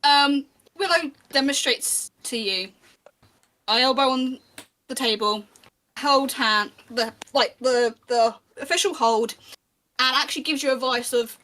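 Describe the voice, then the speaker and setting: Bright, chatty woman game master. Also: high-pitched, measured pace, rough recording. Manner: chatty, lots of ums and restarts. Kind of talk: narrating a tabletop game.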